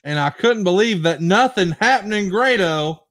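This is a man's high voice moving at normal speed as he co-hosts a podcast. The talk is casual chat, full of animated storytelling and acted-out quotes.

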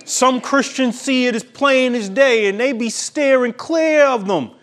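A man's voice: very high-pitched, measured pace, fairly bright tone. A male pastor preaching a sermon with emphatic, preachy delivery and laughing at his own points.

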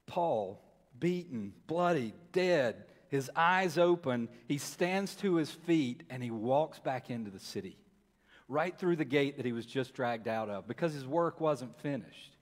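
A man preaching a sermon as pastor, telling a story dramatically, repeating words and swinging between hushed and loud. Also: expressive, a little slow. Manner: dramatic storytelling, repeats words, rises and falls in pitch and volume. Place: church sanctuary. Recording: long hall reverb.

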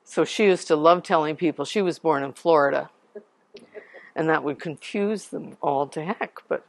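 A woman giving an informal public talk as a genealogy society speaker, chatty and digressive, clearing her throat now and then. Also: deep voice, moderate pace, no room sound.

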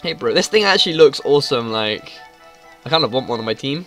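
Man, somewhat high voice, casual gaming commentary, excitable, cusses a lot, soft game music behind. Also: brisk. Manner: casual, excitable, swears freely. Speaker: gaming YouTuber. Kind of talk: let's play commentary.

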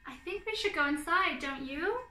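A woman's voice: high voice, expressive, normal speed, sharp tone, echoey room, soft background music. A woman voicing a timid young boy turtle in a storybook, with anxious, jumpy exclamations. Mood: nervous.

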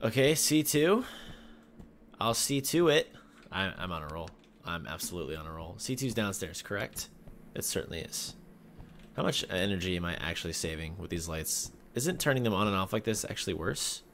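A man with a fairly low voice jokes his way through a spooky game, chatting to viewers and breaking into sudden yelps. Faint noise hums behind him. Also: expressive, fairly quick, vocal fry. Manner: joking, talks to viewers, sudden yelps and shouts. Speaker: gaming video host. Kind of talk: casual let's-play commentary.

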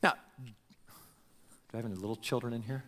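A man preaching a sermon as pastor, animated and given to stumbling over and repeating his words, acting out the voices he quotes. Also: medium pitch, fairly quick. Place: church sanctuary. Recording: long reverb of a church hall.

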